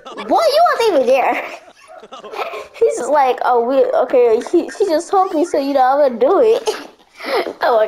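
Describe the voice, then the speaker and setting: High voice, casual game commentary, chatty, talks to her characters, noisy recording with clicks. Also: a little mellow. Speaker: gaming channel host. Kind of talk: casual let's-play commentary.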